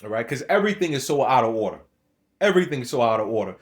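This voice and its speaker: A man's voice: medium pitch, big pitch swings, fast talker. Rambling man ranting to camera. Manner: rambling, repeats and restarts phrases; scolding, swears, laughs between points. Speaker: religious video maker. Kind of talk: rambling religious rant to camera.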